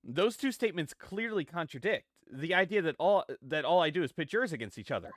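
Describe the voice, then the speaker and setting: A man's voice: a little high, animated, brisk, fairly bright tone, no room sound, clean studio sound. A man hosting a gaming stream, teasing his guest with mock outrage and silly questions. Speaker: streamer host. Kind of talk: casual banter while playing a game.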